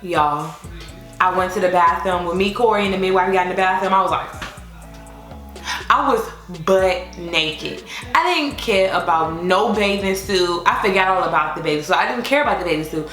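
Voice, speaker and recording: A young adult woman telling a casual storytime to her viewers, chatty and expressive with many fillers. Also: fairly low pitch, normal speed. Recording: echoey room with faint music.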